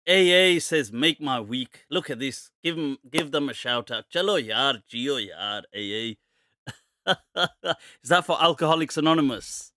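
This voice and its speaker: A man's voice: mid-range voice, lively intonation, unhurried, pushed and bright, no echo, studio quality. Jokey man hosting a live Q&A. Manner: jokey, laughs often, mixes Urdu phrases. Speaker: host of a live Q&A show. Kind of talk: casual live-stream chat.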